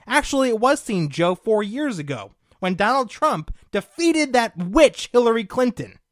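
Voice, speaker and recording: A man's voice: very high-pitched, very animated, moderate pace, dry recording, studio quality. A young man hosting a political talk show, delivering combative, sarcastic commentary and calling his listeners folks.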